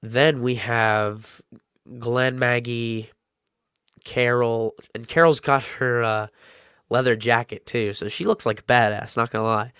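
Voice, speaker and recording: A man giving a casual, excitable TV episode review, rambling with many fillers as he retells the plot. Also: mid-range voice, unhurried, clear, resonant tone, dry recording, studio quality.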